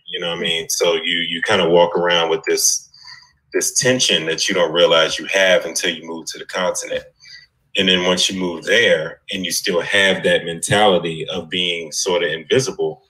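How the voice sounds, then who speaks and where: A man from the United States talks on a panel. His voice sits very low but sounds bright and forceful. He tells stories in an easy, relaxed way. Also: rough recording. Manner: relaxed, laughs while telling stories. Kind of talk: casual panel discussion.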